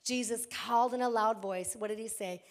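A woman pastor preaching a sermon, reading scripture aloud and swinging between loud declarations and hushed, slow emphasis, repeating key lines. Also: fairly high pitch, steady tone.

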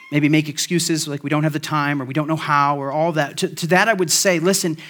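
A man's voice: fairly high pitch, a bit bright. A male pastor preaching a sermon to his church in a conversational way, with many fillers, then closing in prayer. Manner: conversational, frequent fillers, prays to close.

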